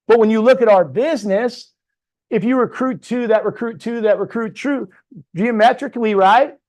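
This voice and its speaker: A middle-aged man with a notably high voice leads a motivational training session for a sales team. He talks in punchy bursts, firing rhetorical questions at the room and checking in with a quick "right?" after his points. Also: darkish tone. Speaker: business trainer.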